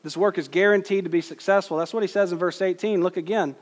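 A male pastor delivers an earnest sermon, leaning hard on key phrases and slowing for quotes. His voice sits a little high for a man. A long hall reverb trails each line. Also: fairly even intonation. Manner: earnest, emphatic preaching with slow stressed quotes.

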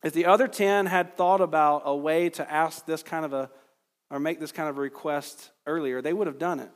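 A man's voice: a little high, steady tone, normal speed, in a large hall. A man preaching an expository sermon in an earnest, emphatic way, with his voice climbing at points of stress. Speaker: pastor.

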